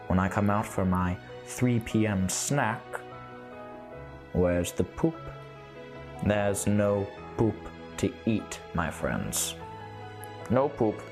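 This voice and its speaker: An actor in a comedy sketch playing a grown man convinced he is a dog, talking earnestly and deadpan in a put-on dog accent. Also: mid-range voice.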